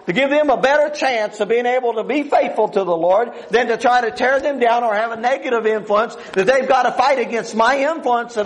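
Older preacher with a high voice. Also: male voice, rough recording. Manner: folksy, rambling, with restarts and plain country grammar. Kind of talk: sermon.

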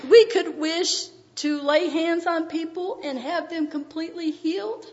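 A woman preaching a sermon with emotion, often pausing on "uh" as her voice breaks. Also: extremely high pitch. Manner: emotional, frequent "uh" fillers, voice breaking. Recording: dull audio in a reverberant hall.

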